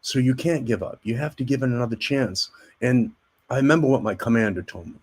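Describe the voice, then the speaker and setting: A husky man, an Army veteran guest, speaking in a mid-range voice. He tells his stories bluntly and intensely, with plenty of swearing. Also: mid-range voice, brisk. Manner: blunt, profane, intense storytelling. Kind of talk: casual interview talk.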